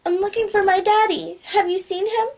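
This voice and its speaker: A woman reading an audiobook, voicing an excitable young girl who whispers softly and fakes a high child's voice. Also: fairly quick. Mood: fake lost child. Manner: soft whispering, turns into a high little-girl act. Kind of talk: audiobook character voice.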